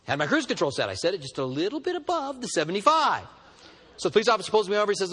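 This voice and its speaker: A pastor preaching a sermon with animated storytelling, acting out both sides of everyday dialogues. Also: male voice, sits high, rapid-fire, breathy edge. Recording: preached in a hall with long reverb.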